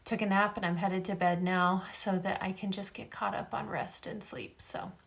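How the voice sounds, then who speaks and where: A woman's voice: mid-range voice, steady tone, moderate pace, vocal fry. A middle-aged woman speaking to camera in a casual vlog about faith. She talks earnestly and rambles with many fillers, and she is tired after a migraine. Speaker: vlogger.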